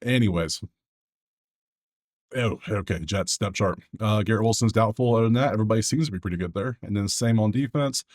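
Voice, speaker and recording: Fairly low-pitched and a little mellow, a man narrates his own sports betting video as he clicks through statistics. He keeps it loose and chatty, talking to himself with quick asides in casual solo commentary over a screen.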